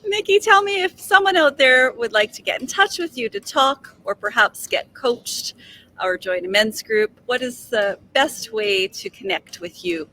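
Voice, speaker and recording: A woman hosting an interview podcast, affirming and warm toward her guest. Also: high voice, animated, unhurried, a little hiss or hum. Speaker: podcast host.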